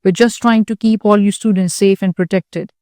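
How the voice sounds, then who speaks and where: Woman reading mocking male cop, condescending, smooth voice, dry sound. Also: high-pitched, steady tone, moderate pace, a little mellow, dry recording.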